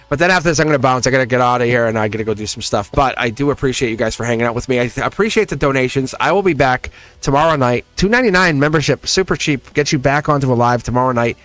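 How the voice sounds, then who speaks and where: A man hosts a live-streamed tarot reading in a chatty, animated voice of ordinary pitch. He laughs often and speaks straight to his viewers. Faint music plays behind him. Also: quick pace, dry recording.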